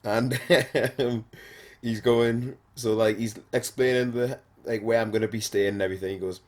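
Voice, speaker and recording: A man, talking casually and bluntly as a podcast host, swearing often and filling pauses with "like". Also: mid-range voice, steady tone, a little mellow. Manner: blunt and sweary, frequent fillers. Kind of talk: casual monologue.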